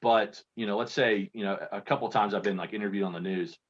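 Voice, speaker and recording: A man from Kentucky talking in a fairly low voice, telling loose, self-deprecating stories as an interview guest. His sound is dull and lo-fi, as over a video call. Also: steady tone, fast talker. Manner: rambling, self-deprecating storyteller. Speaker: guest contest entrant. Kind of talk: casual interview chat.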